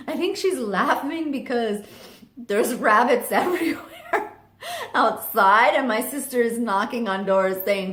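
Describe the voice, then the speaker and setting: A young woman telling a chatty storytime vlog story, animated with lots of fillers. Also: a little high, a little slow. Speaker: vlogger. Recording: roomy echo.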